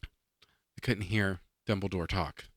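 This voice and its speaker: A man's voice: low voice, steady tone, takes it slowly, no room sound. A man co-hosting a casual chat podcast, tossing in dry wisecracks and laughing often. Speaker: podcast co-host.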